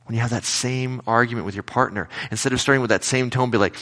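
A male pastor giving a casual, conversational sermon, telling everyday anecdotes with animated retellings. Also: mid-range voice, fast talker, hardly any pauses.

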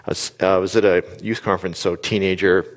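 Male speaker, very low voice, animated storyteller who quizzes the audience, long hall reverb. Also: fast. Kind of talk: live motivational talk.

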